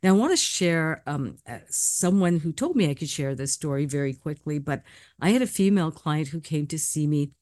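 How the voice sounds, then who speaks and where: A woman with a lowish voice speaks as a psychic medium in a casual panel chat. She tells stories in an earnest, gentle, reassuring way. The sound is close and dry, with no room around it. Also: lively intonation, moderate pace, no room sound.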